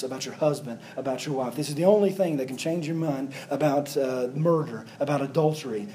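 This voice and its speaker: A man's voice: a little high, dark tone, poor audio. A man preaching a sermon as pastor, building emphasis through repeated phrases.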